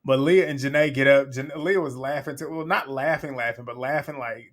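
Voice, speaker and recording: A man's voice: fairly high pitch, brisk, hardly any pauses, fairly bright tone. A man giving a casual recap of a reality TV episode, chatty and blunt, swearing freely and laughing often as he acts out what people said.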